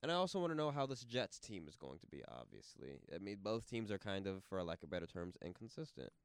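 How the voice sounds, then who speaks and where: A man co-hosting a sports podcast, chatting in an animated, informal way. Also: sits low, fast talker, smooth, dry recording. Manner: animated, laughing, informal slang. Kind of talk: casual sports chat.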